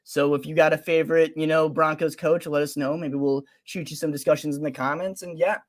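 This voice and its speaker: A young man co-hosting a casual sports podcast, his voice sitting a bit high for a man. He gets animated and loud when he makes a point, throwing in swearing and quick asides. The delivery stays loose and conversational throughout. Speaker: podcast co-host.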